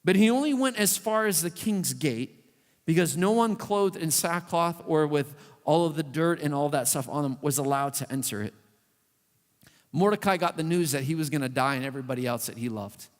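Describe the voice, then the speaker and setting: A man preaching a youth sermon in a church hall, telling stories in an animated way with many "like" fillers. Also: fairly high pitch, moderate pace. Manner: animated storytelling with frequent "like" fillers. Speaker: youth pastor. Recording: long reverb of a hall.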